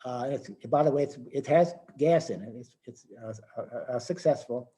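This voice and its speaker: A man's voice: mid-range voice, moderate pace, mellow, low-quality recording. An older man giving a technical lecture as a webinar presenter, thinking aloud with frequent restarts and fillers.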